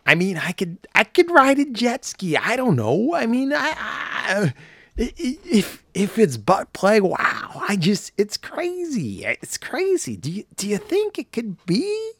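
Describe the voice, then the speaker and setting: A man with a nearly gone voice voicing a laid-back, dazed, drawling male movie star who keeps marveling softly. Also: sits high, huge pitch swings, no echo, studio quality, voice pushed up, exaggerated voice. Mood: dazed, wondering. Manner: soft, drawn-out wondering "wow"s.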